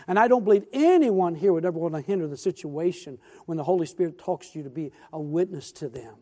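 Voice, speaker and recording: A man preaching a church sermon, telling a story in a folksy, animated way with repeated words and restarts, then closing with earnest pleas. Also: on the high side. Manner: earnest, appealing pleas asking amen. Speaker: pastor. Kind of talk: sermon with storytelling and altar call. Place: church sanctuary.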